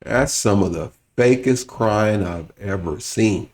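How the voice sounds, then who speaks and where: A man giving sarcastic, scolding reaction commentary with a gravelly voice. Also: on the low side, slow, a little mellow.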